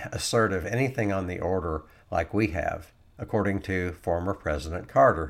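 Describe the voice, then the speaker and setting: Earnest man with a lowish voice. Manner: earnest, reads quotes aloud with sarcastic asides. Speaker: commentator. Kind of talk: political commentary talk.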